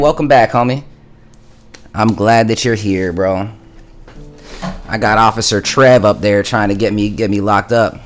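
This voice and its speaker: Laid-back cursing man on stream. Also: on the low side. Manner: loose, profane, talks to chat. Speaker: livestreaming musician. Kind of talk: casual livestream chat. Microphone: studio mic through interface.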